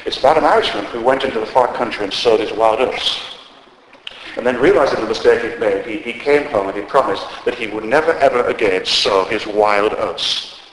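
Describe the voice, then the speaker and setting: A man preaching a sermon, emphatic and storytelling, swinging between loud declarations and quiet asides. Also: fairly low pitch, brisk, a little hiss or hum. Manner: storytelling, conversational humour. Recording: roomy hall with long reverb.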